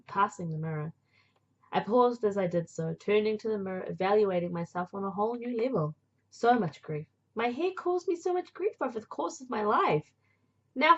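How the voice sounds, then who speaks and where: Woman reading a visual novel aloud, breathy. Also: mid-range voice, lo-fi sound. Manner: chatty, playful asides. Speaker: game narrator and player.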